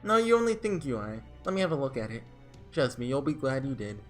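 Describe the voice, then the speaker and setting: A man's voice: mid-range voice, sing-song, fast talker, soft background music, natural voice. A man voicing a showy, self-proclaimed genius weaponsmith who talks in theatrical, self-satisfied patter. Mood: smug.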